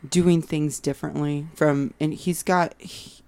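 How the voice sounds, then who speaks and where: A woman in her thirties, a guest musician in casual podcast chat, animated and swearing freely as she acts out what friends said. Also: deep voice, a little slow, smooth. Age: 30s.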